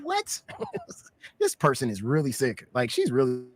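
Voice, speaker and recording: Husky, animated man reacting loudly. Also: mid-range voice, unhurried, no room sound. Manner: loud, laughing, exclamatory outbursts. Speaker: stream host reacting to a video. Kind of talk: casual reaction chat.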